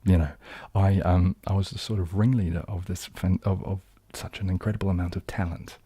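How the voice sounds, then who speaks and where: This ASMR streamer is a young New Zealander with an accent that tilts toward southern English, hosting a live chat. His deep voice is steady, mellow and a little fast, with a breathy edge and no room sound, and his casual rambling is self-deprecating and full of ums and restarts.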